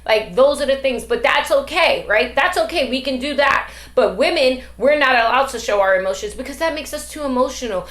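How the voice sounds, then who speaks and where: A woman's voice: high-pitched, animated, a little fast, hardly any pauses, a bit bright. A middle-aged woman and grandmother, a podcast host talking emphatically with many rhetorical questions. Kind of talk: casual discussion. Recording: echoey room.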